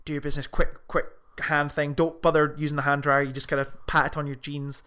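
Man, casual chat, animated, sweary, slightly high pitch. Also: fairly quick, clear, resonant tone. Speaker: film podcast co-host.

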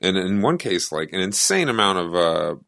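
A man's voice: low-pitched, sing-song, moderate pace, gravelly, bright, forceful tone, no echo, studio quality. A man co-hosting a podcast, chatting loosely about political news and joking and laughing along. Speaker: podcast co-host. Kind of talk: casual political chat.

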